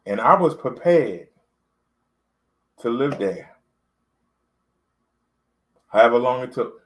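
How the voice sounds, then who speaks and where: A man's voice: medium pitch, lively intonation, slow, poor audio. Rambling man vlogging in casual talk. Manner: rambling, conversational, with fillers and repeats.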